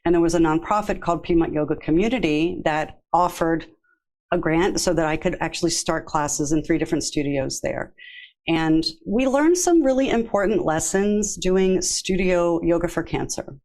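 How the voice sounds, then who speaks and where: A woman guest on a podcast, a yoga therapist, telling her story in a warm, chatty way and laughing easily. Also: lowish voice, lively intonation, moderate pace, low-quality recording. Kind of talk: casual interview.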